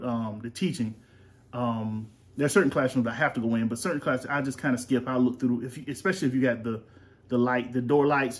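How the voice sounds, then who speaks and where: A man, chatting as podcast host and father, rambling with lots of fillers. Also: mid-range voice. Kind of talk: casual chat. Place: home.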